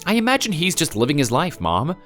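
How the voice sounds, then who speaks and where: A man's voice: fairly high pitch, huge pitch swings, fairly quick, a bit bright, faint music behind. A man voicing a weary, defensive husband in a dramatized story. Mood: exasperated. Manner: defensive, exasperated. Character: weary husband who had an affair.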